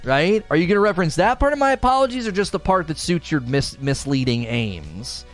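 A man's voice: fairly high pitch, big pitch swings, brisk. Guy streamer ranting, defensive and worked up, voice jumping all over, a little music faint behind. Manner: indignant, defensive, repetitive. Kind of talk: ranting monologue.

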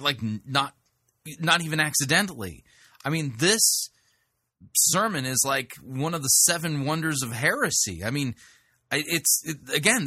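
A man with a husky, bright voice gives dry, sarcastic commentary on a sermon. His pitch moves a lot, and the recording is close and dry. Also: dry recording. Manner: sarcastic, mocking. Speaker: sermon review host. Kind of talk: critical commentary.

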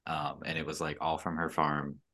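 Man, very deep voice, relaxed, casual chat, storytelling. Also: normal speed. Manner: relaxed storytelling, many fillers. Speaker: podcast guest.

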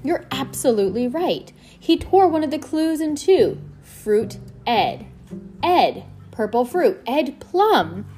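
Lady doing an excited restaurant guy, loud and high-pitched. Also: slow, faint music behind, heavily acted. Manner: excited, gleeful. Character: excitable older male restaurant owner.

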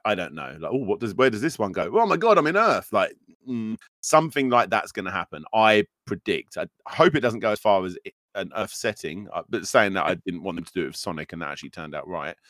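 A man's voice: low voice, a little fast, fairly bright tone, dry recording, studio quality. A man in his thirties, a podcast host ranting animatedly in casual chat, with many fillers.

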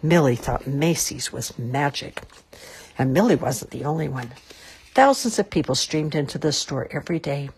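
Storybook narrator, woman, low and breathy. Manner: expressive, lilting. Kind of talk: storybook read-aloud.

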